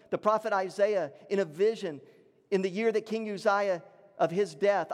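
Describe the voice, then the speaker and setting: A male pastor preaching a sermon, swinging between raised emphatic lines and low, hushed ones. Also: big-room sound.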